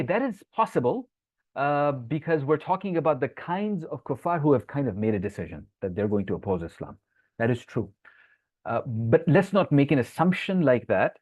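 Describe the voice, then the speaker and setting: Fast-talking man teaching a live lesson. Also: mid-range voice, no room sound. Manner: explanatory, answers viewers' chat comments; quick Arabic verse recitation between English explanations. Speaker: Islamic teacher. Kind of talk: live online Quran lesson. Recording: tinny phone-like dry sound.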